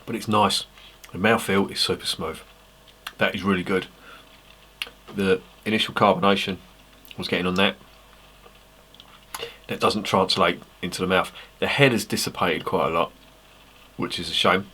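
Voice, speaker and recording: A man's voice: low-pitched, fairly even intonation, normal speed, sharp tone, husky. An English man reviewing a beer on camera in a casual, rambling way, swearing freely and making self-mocking asides. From England.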